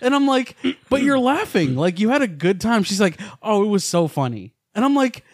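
A man co-hosting a podcast, telling an animated story with plenty of swearing. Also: high-pitched, a little fast, no room sound, studio quality. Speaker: podcast co-host. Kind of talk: casual chat.

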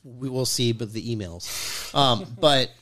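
A man's voice: medium pitch, takes it slowly, a bit bright. A man in his forties who grew up in California, hosting a casual podcast chat and saying dude a lot. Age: 40s. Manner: easygoing, laughs often, says dude a lot. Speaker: podcast host.

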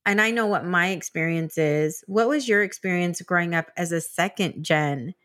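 Chatty woman host with a lowish voice. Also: normal speed. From San Diego, California. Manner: chatty, animated storytelling with laughs. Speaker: podcast host. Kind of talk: casual conversational interview.

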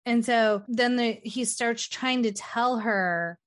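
A woman with a fairly high voice tells a film's plot with a friend. She jumps into the characters' lines as she goes, swears freely and keeps an easy, chatty flow. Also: takes it slowly, no room sound. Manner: animated storyteller, acts out quotes, swears freely. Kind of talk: casual chat recapping a film.

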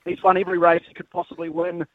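A man's voice: high voice, monotone, quick pace, dry recording. A man, out of breath, talking sport in an enthusiastic casual chat with stammering restarts. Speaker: sports reporter. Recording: tinny phone line, dry.

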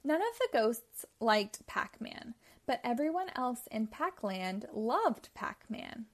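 A woman hosting storytime, reading a children's book aloud in a fairly high voice. She narrates slowly and clearly, with expressive emphasis. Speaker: storytime host.

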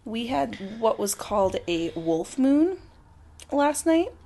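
A woman's voice: a little high, sing-song, slow pace, vocal fry, mellow, slight background noise. A woman co-hosting a podcast and working as a teacher, chatting casually with a playful, giggly, teasing manner. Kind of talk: casual chat.

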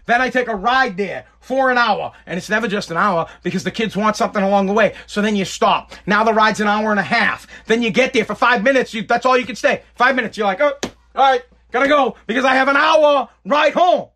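A man's voice: sits high, quick pace, hardly any pauses, bright, forceful tone. A man in his thirties hosting a podcast, ranting casually with plenty of swearing and repetition. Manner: ranting, profane, repeats himself. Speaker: podcast host. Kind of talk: casual rant.

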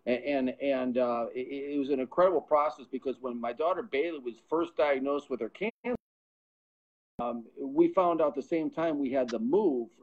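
At normal speed and medium pitch, a middle-aged pro football scout speaks as a podcast guest. He earnestly relates a personal testimony, repeating words often as his momentum builds. The recording sounds dull and lo-fi.

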